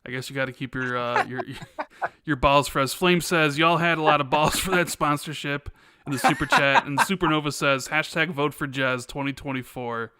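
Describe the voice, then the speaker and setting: A man's voice: a little high, normal speed, sharp tone, a little hiss or hum. A man co-hosting a gaming podcast in casual chat, stammering and repeating words, chuckling, reading out viewer messages. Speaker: podcast co-host.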